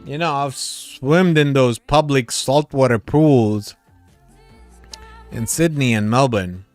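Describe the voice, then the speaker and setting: A man's voice: medium pitch, slow pace, dry recording, soft background music. A man hosting a livestream, reading viewers' comments aloud in casual chat and laughing often.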